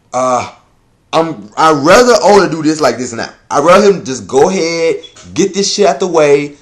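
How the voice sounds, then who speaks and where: Animated, profane man reviewing a manga chapter. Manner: profane, laughing, rambling, breaks into high-pitched excited exclamations.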